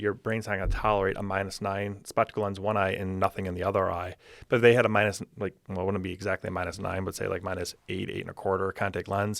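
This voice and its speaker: A man, an optometrist, telling clinic stories on a podcast with animated, excitable energy. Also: deep voice, creaky, dry recording. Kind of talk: podcast storytelling. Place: podcast recording room.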